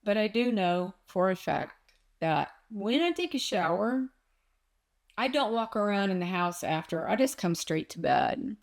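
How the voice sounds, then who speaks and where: A woman's voice: mid-range voice, sing-song. A woman talking in a personal vlog, distressed and close to tears, searching aloud for answers. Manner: distressed and searching, slow with many pauses. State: on the verge of tears. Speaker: vlogger.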